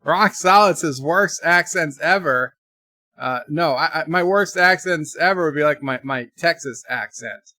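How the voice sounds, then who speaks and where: Bright-voiced man hosting a casual stream. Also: fairly high pitch, unhurried, no echo. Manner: rambling, putting on silly accents. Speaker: livestream host. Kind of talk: casual chat reading viewer questions. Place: home.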